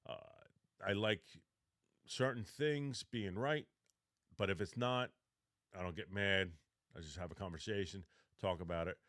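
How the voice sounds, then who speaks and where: A man's voice: low voice, unhurried, long pauses, fairly bright tone, no echo, clean studio sound. A man in his fifties giving casual, rambling job interview advice on a podcast, often correcting himself mid-sentence. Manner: rambling, self-correcting, acts out both sides of a mock interview. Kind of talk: casual advice talk with role-played practice.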